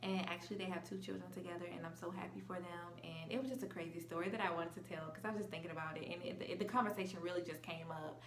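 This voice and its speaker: A young adult woman telling a storytime vlog in a casual, slangy and animated way. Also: lowish voice, rapid-fire, hardly any pauses, roomy sound, slight background noise. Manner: animated, slangy, acts out quotes. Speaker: vlogger.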